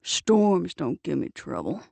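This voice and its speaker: A woman voicing a combative older man with a loud, bossy manner in an audiobook. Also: sits high, very animated, slow pace, vocal fry, dry recording, full character voice. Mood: angry. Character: gruff older man, bushy-browed and combative.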